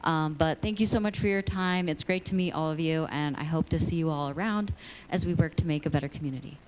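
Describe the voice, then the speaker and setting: Casting: very low female voice, friendly commenter, faint hiss. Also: fast, low-quality recording. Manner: friendly, with fillers. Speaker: public commenter. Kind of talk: public comment at a council meeting.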